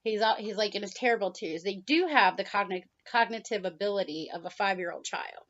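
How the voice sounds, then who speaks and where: A middle-aged woman casually telling a personal story to camera, chatty, with frequent pauses and soft laughs, talking to her pet bird in a high baby-talk voice. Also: muffled recording. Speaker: vlogger, pet bird owner.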